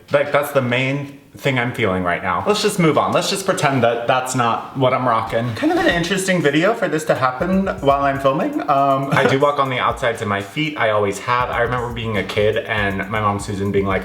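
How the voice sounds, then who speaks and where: Recorded with a roomy sound, this cooking vlogger talks at a moderate pace in an expressive, slightly bright medium-pitched voice. He chats casually from his home kitchen, laughing a lot and addressing viewers as y'all.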